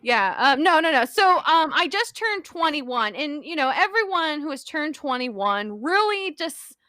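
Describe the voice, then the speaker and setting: A woman's voice: high-pitched, sharp tone, no room sound. A young woman, co-hosting a podcast and telling a rambling, giggly story with frequent laughs. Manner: rambling and giggly, laughs often mid-sentence. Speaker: podcast co-host. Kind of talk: casual storytelling chat.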